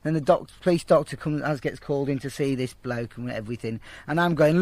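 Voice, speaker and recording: A man telling a crude, profane anecdote in a blunt, animated way to an interviewer. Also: medium pitch, fast, few pauses, dry recording. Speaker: storyteller. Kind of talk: casual anecdote told to an interviewer.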